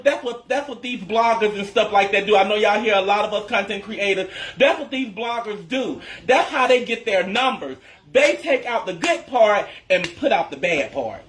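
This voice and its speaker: A man's voice: high-pitched, fairly bright tone. A man who creates social media content, telling a casual story to his followers in a chatty, emphatic way and addressing them as y'all.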